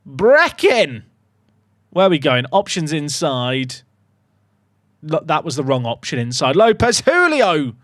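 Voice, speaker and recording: A young man streaming a football management game, commentating casually with sarcastic, excitable swings. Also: a little high, measured pace, pauses often, no echo, clean studio sound. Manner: animated, sarcastic, swings between excitement and mock despair. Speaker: gaming streamer.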